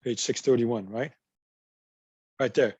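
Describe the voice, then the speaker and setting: A man's voice: mid-range voice, takes it slowly, darkish tone, slightly rough, no echo, dull audio. A man teaching a college math class, patiently working through examples and repeating key words. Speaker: math instructor. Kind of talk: recorded class lecture.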